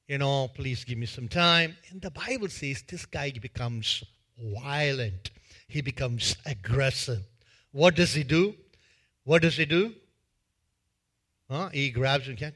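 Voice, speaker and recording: A male pastor giving a sermon in a church, retelling a parable in an animated way and acting out its scenes with a volunteer. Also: medium pitch. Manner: animated storytelling that acts out scenes.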